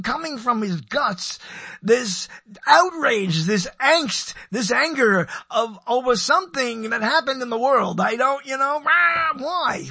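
Rambling older man with a husky voice. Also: very high voice, bright, forceful tone, no room sound. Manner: digressive, self-interrupting, wry. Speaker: radio personality. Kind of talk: rambling radio monologue.

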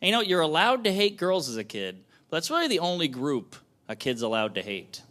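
Animated young stand-up comic. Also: male voice, a little high, brisk. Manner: casual, self-amused, laughs at own jokes. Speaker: stand-up comedian. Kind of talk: stand-up comedy set. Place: comedy club stage. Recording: live comedy club, audience laughter and noise. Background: audience laughter.

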